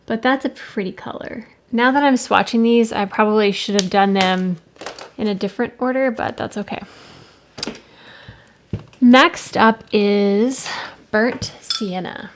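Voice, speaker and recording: A woman's voice: mid-range voice, a little slow. A woman hosting an art channel, chatting casually and rambling a little as she swatches watercolors at her desk. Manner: musing, rambling, self-correcting. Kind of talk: casual talk while swatching paints. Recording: faint background noise with clicks.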